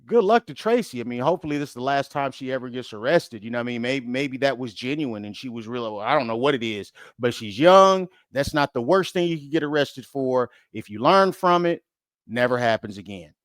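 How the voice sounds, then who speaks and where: A man's voice: mid-range voice, lively intonation, a little fast, a bit bright, no room sound, clean studio sound. A man hosting a reaction video, talking casually and directly to his viewers. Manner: casual, chatty, talks to viewers as guys. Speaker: host. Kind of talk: reaction commentary.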